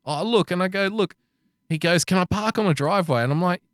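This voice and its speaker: A man's voice: sits high, quick pace, no echo, clean studio sound. A man telling a story in casual chat, swearing and acting out the people he quotes.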